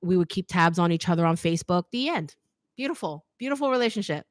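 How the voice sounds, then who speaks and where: A middle-aged woman hosting a casual livestream Q&A, reading comments aloud, chatty and quick to laugh, saying "like" a lot. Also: on the low side, expressive, dry recording, clean studio sound. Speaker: fashion YouTuber hosting a live Q&A.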